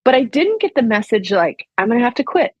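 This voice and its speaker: Husky-voiced woman telling a story. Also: on the high side, big pitch swings, quick pace, dry recording, lo-fi sound. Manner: chatty storyteller, acts out her own thoughts. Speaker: podcast guest, entrepreneur. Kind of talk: casual interview chat.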